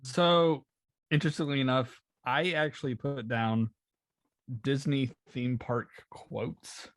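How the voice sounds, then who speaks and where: A man guest on a podcast in casual chat, halting and often restarting. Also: mid-range voice, steady tone, dry recording.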